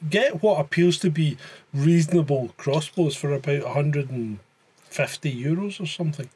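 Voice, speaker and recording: A man's voice: fairly high pitch, moderate pace, darkish tone, slightly rough. A man co-hosting a casual chat, blunt and crude, with a lot of swearing. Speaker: podcast co-host.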